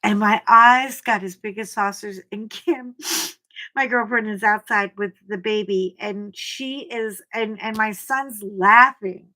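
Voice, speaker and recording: A middle-aged woman hosting a casual livestream chat, telling stories in an animated way and greeting viewers by name. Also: medium pitch, takes it slowly. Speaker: livestream host.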